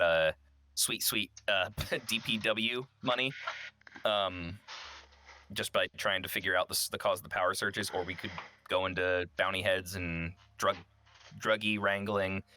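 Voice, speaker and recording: A man's voice: deep voice, bright, forceful tone. A man playing a tabletop game, explaining his character's plans in a rambling way with many ums and restarts. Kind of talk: casual tabletop game chat.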